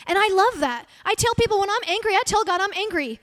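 A woman's voice: extremely high pitch, fast, few pauses, fairly bright tone. A woman pastor preaching at a church service, earnestly acting out heartfelt prayers as she speaks. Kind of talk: sermon.

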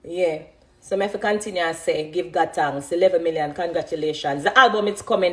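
A woman's voice: on the low side, fairly quick. A middle-aged woman with a Jamaican accent, talking passionately and emphatically in an interview about her music. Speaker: dancehall artist. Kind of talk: emotional interview talk.

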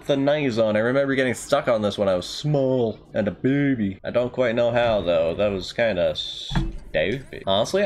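A man giving let's play commentary, jokey and excitable, swearing and yelping at the game. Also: fairly low pitch, a little hiss or hum. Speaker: gamer.

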